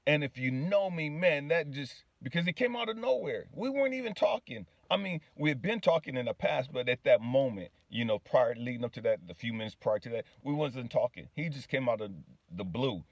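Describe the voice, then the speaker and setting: A man speaks in a relaxed, confiding way as he tells a personal story, with a steady mid-range voice. He keeps checking in with the listener and laughs easily. The sound is dry and close, with no room echo. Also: medium pitch, brisk. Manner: casual, often asks "you know what I mean", laughs easily. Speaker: spiritual healing vlogger.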